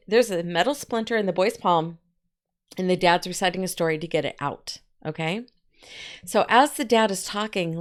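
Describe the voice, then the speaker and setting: A woman teaching a poetry lesson in a chatty, folksy way, with asides and quick quoted voices. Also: mid-range voice. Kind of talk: poetry lesson, casual explaining.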